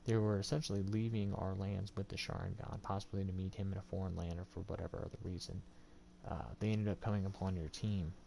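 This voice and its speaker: A calm, measured ninja mentor, put on by a man running a game, with a deep, mellow voice that has a gravelly edge. He explains patiently and in a steady way, often pausing on an uh or an um. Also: a little hiss or hum. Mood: explaining. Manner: steady explaining tone, frequent ums and uhs.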